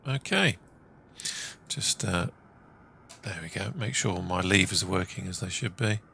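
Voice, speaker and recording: A man hosting a flight simulator video, chatting in a relaxed, casual way and filling gaps with "uh". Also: low-pitched, measured pace, creaky, slight background noise. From England. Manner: relaxed, chatty, lots of "uh" fillers. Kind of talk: casual gameplay commentary.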